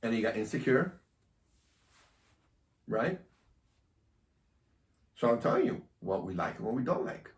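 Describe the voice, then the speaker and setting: A man's voice: mid-range voice, sing-song, measured pace, long pauses, far from the mic. A man hosting a loose, casual chat, teasing and provocative with frequent laughs. His voice rises and falls a great deal. He sounds set back from the mic in an echoey room. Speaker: host.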